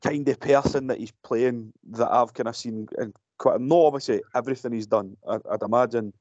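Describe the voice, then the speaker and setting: A man's voice: medium pitch, fairly even intonation, a little fast, darkish tone, no echo, lo-fi sound. A Scottish man co-hosting a podcast, chatting casually about a film, swearing freely and rambling as he goes. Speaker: podcast co-host. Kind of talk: casual film-review chat.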